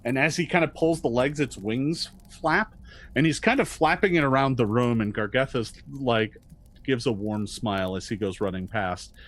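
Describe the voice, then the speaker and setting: A man narrating as game master of a tabletop game, halting and full of restarts. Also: mid-range voice. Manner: hesitant, full of fillers and restarts.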